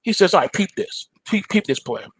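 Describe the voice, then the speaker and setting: A man's voice: high-pitched, very animated, brisk, breathy edge, no room sound, voice pushed up, exaggerated voice. A man voicing a big male tiger who talks in swaggering street slang. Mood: scheming.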